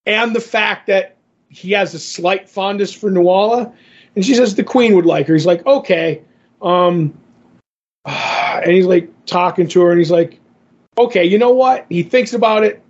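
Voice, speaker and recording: A man co-hosting a podcast, casually retelling a comic story and quoting the characters in quick voices. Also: high voice, dull audio. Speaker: podcast co-host. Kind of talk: casual comic-book chat.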